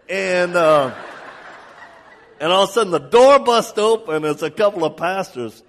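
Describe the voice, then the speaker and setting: A man's voice: a little high, expressive, unhurried, pauses often, slight background noise. A man preaching a live sermon, telling a story animatedly, acting out the people he quotes and laughing along.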